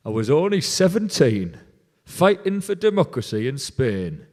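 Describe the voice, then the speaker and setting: A man's voice: on the high side, sing-song, measured pace, darkish tone, big-room sound, pitched above the performer's own voice. A man voicing an elderly working man from Teesside who tells his memories bluntly, in a broad Teesside accent. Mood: cheeky. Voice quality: broad, plain-spoken.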